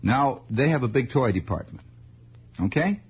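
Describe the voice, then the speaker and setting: A man's voice: medium pitch, lively intonation, moderate pace, husky. A man hosting a late-night radio monologue, rambling, wry and sardonic. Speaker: radio host. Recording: dull 1960s radio broadcast.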